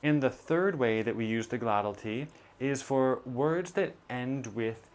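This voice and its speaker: Guy teaching pronunciation, mid voice, talks slow n careful, demos sounds. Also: medium pitch. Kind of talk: English pronunciation lesson.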